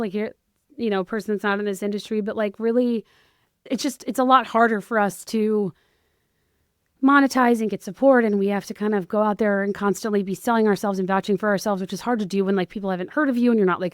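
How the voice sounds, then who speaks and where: Hoarse woman podcast host rambling along, chatty and a bit self-mocking, dry close sound. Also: medium pitch, no room sound. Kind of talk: casual solo podcast chat.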